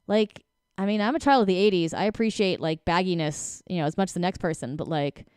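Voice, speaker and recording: Woman in her forties, relationship coach, casual advice talk, lowish voice, dry close sound. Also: clean tone, no echo. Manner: animated, acts out quick voices with laughs.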